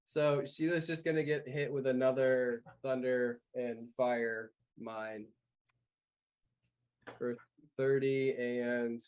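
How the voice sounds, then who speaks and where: A man's voice: mid-range voice, steady tone, slow pace, a little mellow, clear, resonant tone, low-quality recording. A man running a tabletop game as game master, talking in a loose, rambling way with casual swearing.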